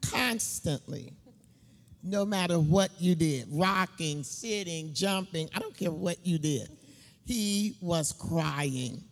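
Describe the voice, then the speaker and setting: A middle-aged woman giving a personal testimony in church, telling her story slowly and emphatically, laughing between lines. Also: lowish voice. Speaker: church speaker. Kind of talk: sermon testimony. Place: church building. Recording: long hall reverb.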